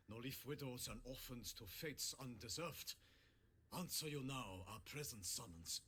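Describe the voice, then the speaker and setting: An actor playing a solemn knight herald in a video game, speaking in formal, ceremonious, declamatory lines. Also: male voice, medium pitch, bright, forceful tone, slightly rough, exaggerated voice.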